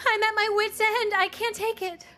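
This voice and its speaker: A woman's voice: extremely high pitch, flat delivery, moderate pace, sharp tone, faint music behind. An actress playing a desperate young mother in a dubbed TV drama, pleading and anguished.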